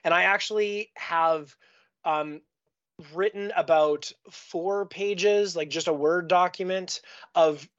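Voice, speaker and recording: In a high, fairly bright voice, this Canadian man takes his time as he tells casual, meandering stories about his work while guesting on a podcast. Frequent restarts and fillers run through his speech, and the audio is dull.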